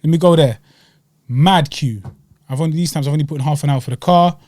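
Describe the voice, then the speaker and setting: A young man with a London accent, co-hosting a podcast in casual chat and telling animated stories full of slang and acted-out quotes. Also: fairly high pitch, quick pace, dry recording, studio quality. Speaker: podcast co-host.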